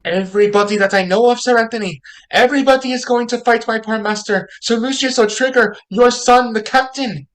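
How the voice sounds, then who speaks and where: A woman's voice: fairly high pitch, fairly quick, few pauses, close to an everyday voice. A woman playing a flustered old-fashioned male country servant in a stage comedy, talking with frantic alarm.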